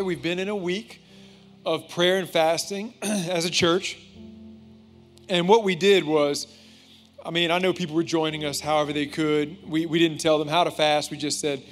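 Man, pastor giving a casual church talk, fillers, faint background music. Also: on the high side. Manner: casual, joking, with y'all and fillers. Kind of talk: church service address.

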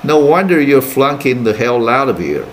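A man reading aloud and voicing an irritable, conceited teenage boy roommate who swears gruffly. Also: medium pitch, big pitch swings, normal speed, slight background noise, lightly acted, low-quality recording. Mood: furious. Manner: gruff, swearing, exasperated retorts.

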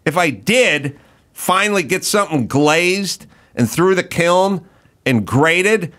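A man's voice: high voice, animated, slow, a bit bright. A middle-aged man hosting a podcast, telling rambling, profane stories with mock outrage in a casual chat. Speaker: podcast host.

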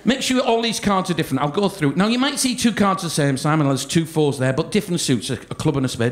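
A man doing stand-up in a theatre, teasing a volunteer from the audience. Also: a little high. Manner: teasing, quick ribbing of a volunteer. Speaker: stand-up comedian and magician. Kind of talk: live stand-up comedy with audience banter. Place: large theatre stage. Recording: live theatre show with audience laughter.

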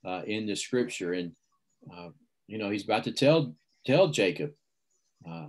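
A man's voice: lowish voice, animated, unhurried, pauses often. A man co-teaching a Bible class who reflects aloud in a hesitant, conversational way with many fillers. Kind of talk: casual scripture teaching discussion.

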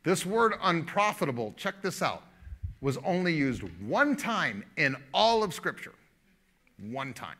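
A man's voice: a little high, sing-song, a little slow, bright, forceful tone. A male pastor giving a live sermon in an emphatic, repetitive style, often breaking into laughter.

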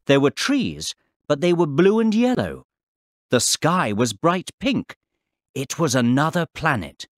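Male narrator for learner audio, slow, deliberate, pitch that swoops widely; dry close recording. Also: no room sound. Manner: deliberate, expressive reading for learners. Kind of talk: slow, clear textbook narration.

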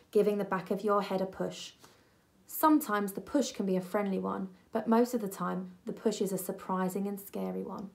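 Expressive woman storyteller reading a children's book, slightly gravelly voice. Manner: expressive storytelling, voicing children with raised pitch. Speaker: reader. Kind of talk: reading a children's novel aloud. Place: primary school.

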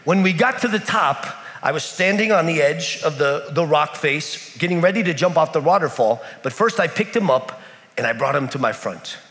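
An American pastor preaches a sermon in a church in Kenya, telling a story with lots of repetition. His slightly high, somewhat bright voice has lively intonation at a normal speed, and the church hall is echoey.

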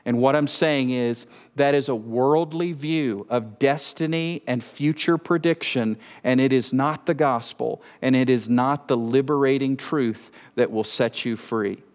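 A man's voice: medium pitch, a little slow, few pauses, a little mellow. A man hosting a Bible teaching, talking in a conversational and emphatic way and throwing playful rhetorical questions at his listeners. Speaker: Bible teacher and show host.

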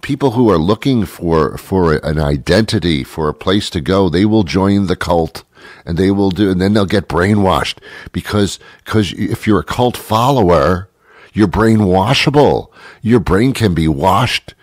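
A man's voice: sits low, expressive, a little slow, no echo, clean studio sound. A man hosting a talk show, musing aloud in a rambling monologue with frequent stammered restarts, while he has a cold.

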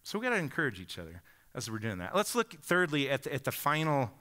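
A man's voice: medium pitch, big pitch swings, quick pace, sharp tone. A man in his forties from the Pacific Northwest preaching a sermon, telling stories in a conversational way and often checking in with the congregation. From Bend, Oregon. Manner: conversational storytelling, often asks the congregation "right?". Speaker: pastor.

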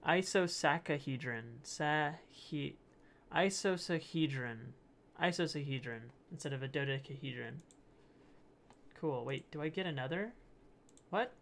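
A young man with a gravelly, slightly high voice hosts his channel in a loose, rambling way. He laughs often and trips over his own words as he reads, with a faint hiss beneath him. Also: a little slow, long pauses, fairly bright tone. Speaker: channel host. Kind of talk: casual commentary reading posts.

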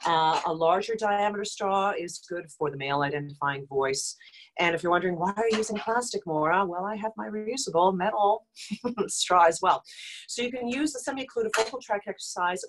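A woman's voice: medium pitch, moderate pace, a little hiss or hum, poor audio. A woman voice teacher leading an online group vocal exercise lesson, explaining and demonstrating exercises, her voice a little dry. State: slightly dry voice.

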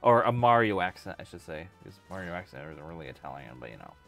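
A man hosts a late-night gaming stream through a headset mic, chatting casually and laughing. His pitch moves around a lot as he talks. Faint background music sits under the voice. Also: sing-song, fast, fairly bright tone. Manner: chatty, laughing, playful about doing voices. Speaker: streamer host.

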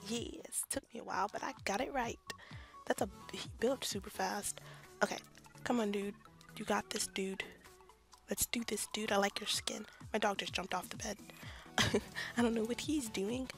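A woman's voice: medium pitch, gravelly. A young woman casually commenting on her gameplay, chatty and self-deprecating, often laughing. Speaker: gaming YouTuber. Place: bedroom at home.

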